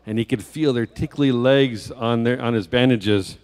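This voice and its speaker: A man's voice: medium pitch, moderate pace, darkish tone, clean tone. A man preaching as a guest speaker, telling a children's story in a church sanctuary with vivid detail and rhetorical questions. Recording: long church hall reverb.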